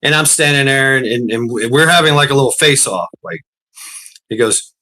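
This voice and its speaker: A man's voice: mid-range voice, normal speed. Profane, rambling man telling a story. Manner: profane, rambling, frequent restarts; acts out quotes in a raised shouting voice. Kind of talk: casual storytelling.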